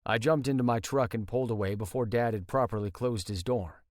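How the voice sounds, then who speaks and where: A man narrating a first-person romance audiobook in an expressive, dramatic storytelling manner. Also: mid-range voice, brisk, no room sound, studio quality.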